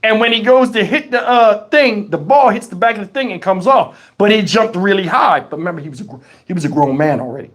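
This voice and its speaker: A channel host with a high voice talks briskly on a live stream, barely pausing as he tells a funny story. He's animated and profane, keeping it casual and acting out the voices of the people involved.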